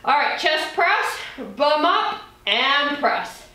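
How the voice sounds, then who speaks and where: A woman's voice: sits high, expressive, slow, bright, forceful tone. A woman in her forties leading a dumbbell workout, chatting casually, laughing often and swearing now and then. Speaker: fitness trainer. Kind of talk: workout instruction with casual chat. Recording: roomy echo, voice from a distance.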